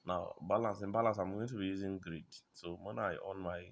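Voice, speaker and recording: A man with a lowish voice walks through design principles in a tutorial. He talks haltingly, restarting phrases and clearing his throat, and keeps asking whether you understand. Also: fairly even intonation, highs cut off. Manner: halting, repeats words, clears throat often. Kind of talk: screen-recorded tutorial explanation.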